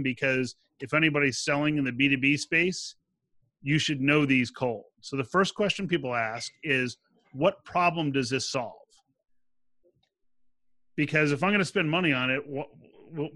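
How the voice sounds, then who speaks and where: A man's voice: mid-range voice, dry recording. A man answering interview questions as a sales expert, explaining methods and acting out quoted dialogue. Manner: animated, acts out quoted dialogue.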